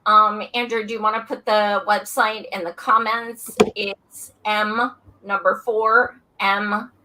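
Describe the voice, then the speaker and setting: A woman's voice: medium pitch, level tone, takes it slowly, noisy background. A woman co-hosting a political podcast, blunt, outspoken and playful in casual chat. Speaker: podcast co-host.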